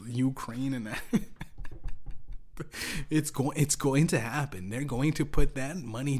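A man hosting a podcast, rambling through a casual comedic monologue, swearing freely, laughing often and swinging from low mutters to loud outbursts. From Canada. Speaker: podcast host.

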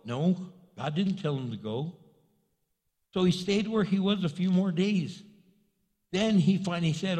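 A male pastor delivers a conversational, animated sermon, switching into little voices for the people in his stories. His voice sits fairly high for a man. A long hall reverb trails each phrase. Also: a little slow, pauses often. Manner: conversational, animated, acts out quotes.

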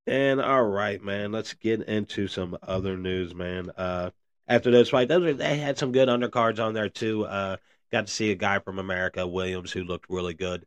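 A man's voice: lowish voice, normal speed, clean tone, no echo. A man hosting a casual solo podcast, rambling with lots of fillers and calling his listeners "man" and "guys.". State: briefly out of breath. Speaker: podcast host.

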